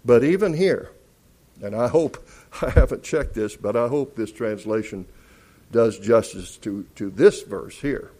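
A man's voice: medium pitch, expressive, measured pace. A man preaching a sermon, emphatic and teacherly, asking questions and answering them. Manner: emphatic, rising loud on key words.

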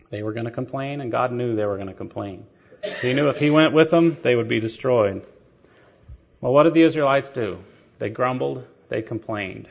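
A man's voice: medium pitch, normal speed, gravelly. A man preaching a sermon, telling stories with rhetorical questions and light laughter. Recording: dull lo-fi sermon recording.

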